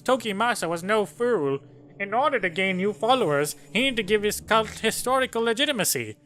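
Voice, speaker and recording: A man voicing a courteous, rambling old male historian who talks in a slow, formal way, with faint game music behind. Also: sits high, pushed and bright, pitched above the performer's own voice.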